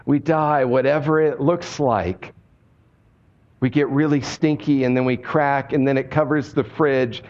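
A man's voice: mid-range voice, darkish tone. Guy pastor giving a chatty earnest sermon, kinda dull lo-fi sound. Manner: earnest, conversational, emphatic repetition.

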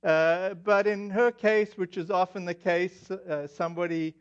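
A man's voice: high-pitched, steady tone, a little slow, clear, resonant tone. A man from South Africa with a South African accent, preaching a sermon in a chatty, self-deprecating way with many fillers. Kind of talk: sermon with personal stories. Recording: dull lo-fi audio.

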